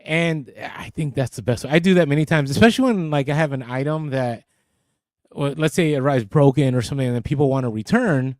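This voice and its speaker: A man's voice: mid-range voice, quick pace, darkish tone, no room sound. A man co-hosting a casual podcast, reading out listener comments and laughing often, speaking close into a studio mic. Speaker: podcast co-host. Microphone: podcast studio mic, too close at times.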